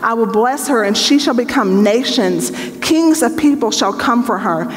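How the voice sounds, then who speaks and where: A woman's voice: on the high side, expressive, normal speed, big-room sound. Woman Bible teacher with a chatty style. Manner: reads scripture aloud, then explains in a chatty, joking way.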